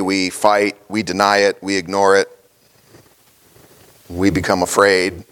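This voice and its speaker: A middle-aged man, a pastor, preaching a sermon in a folksy storytelling way, with many fillers and small chuckles. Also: lowish voice.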